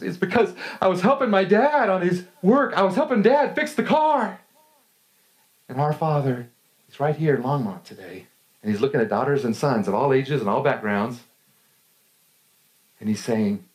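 A middle-aged man preaching a sermon, telling stories with frequent laughter and lively swings in his voice. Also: on the high side, normal speed. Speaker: pastor.

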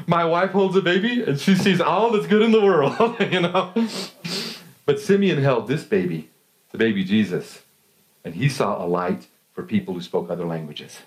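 A middle-aged man preaching a sermon, telling stories with frequent laughter and lively swings in his voice. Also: a little high, moderate pace. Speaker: pastor.

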